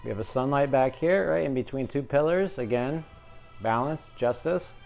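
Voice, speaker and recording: A man's voice: mid-range voice, moderate pace, creaky, darkish tone. Chatty man reading tarot over music. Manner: jokey, chatty, talks to viewers as collective. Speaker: tarot reader.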